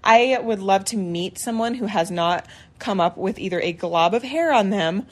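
A middle-aged woman co-hosting a podcast tells a story in casual conversation, acting out the voices of the people she quotes. Her voice is mid-range and her pace moderate, making her an animated storyteller.

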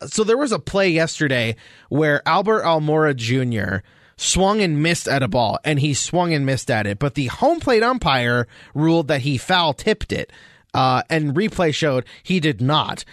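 A man's voice: fairly high pitch, moderate pace, no room sound, clean studio sound. A man co-hosting a casual sports podcast, telling stories with lots of energy and acting out quotes. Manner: animated storytelling, acts out quotes. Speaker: podcast co-host.

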